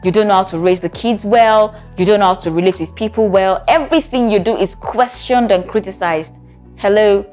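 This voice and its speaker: A woman's voice: medium pitch, normal speed, darkish tone, soft background music. A woman, a therapist giving relationship advice to camera in a conversational way, often checking in with the listener. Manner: conversational, with frequent rhetorical check-ins. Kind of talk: talking-to-camera advice video.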